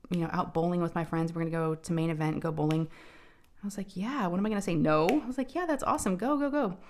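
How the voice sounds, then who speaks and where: A woman chats to her viewers while she crafts. Her voice sits on the low side for a woman. She rambles warmly through a story, dropping "um" and "y'all" as she goes. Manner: chatty, addresses viewers as y'all, many fillers. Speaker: crafting vlogger. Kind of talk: casual storytelling while diamond painting.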